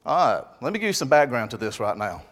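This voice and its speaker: Chatty pastor in an echoing church. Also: male voice, mid-range voice, fast talker. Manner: conversational, animated, with asides. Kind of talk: sermon. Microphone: lapel mic on jacket. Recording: long church reverb.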